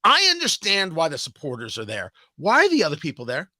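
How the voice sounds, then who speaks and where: A man's voice: fairly high pitch, wildly swooping pitch, fairly quick, pushed and bright, dry recording. A man hosting a radio talk show, delivering an emphatic, sarcastic political monologue full of rhetorical questions and repetition, on a close studio microphone.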